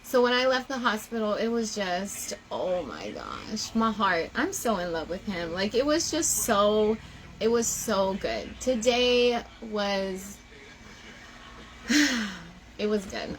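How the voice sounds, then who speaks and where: A young woman talking casually to her viewers, animated and emotional, often gushing. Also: mid-range voice, slow pace, a little hiss or hum, rough recording. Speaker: vlogger.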